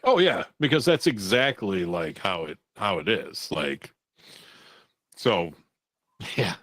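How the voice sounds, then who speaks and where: A man hosts a laid-back talk show, reading strange news items aloud with a loose, profane delivery. His pitch swings widely as he talks. The sound is dry and close. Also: sing-song, takes it slowly, fairly bright tone, dry recording. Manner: loose and profane, laughs at the stories. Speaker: podcast host.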